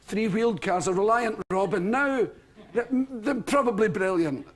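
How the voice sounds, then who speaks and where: A man's voice: high-pitched, moderate pace. A Scottish man telling comic stories as a talk show guest, laughing through them. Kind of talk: comic storytelling. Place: television studio with audience.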